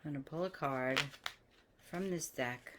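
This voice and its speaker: A woman with a deep, low-pitched voice speaks in a relaxed, unscripted monologue as a coach talking to her audience. She is blunt and candid and swears without hesitation. She brings her stories to life by acting out the people in them. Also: measured pace, noisy background. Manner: lively, animates quoted voices. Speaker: spiritual coach. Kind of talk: casual storytelling monologue.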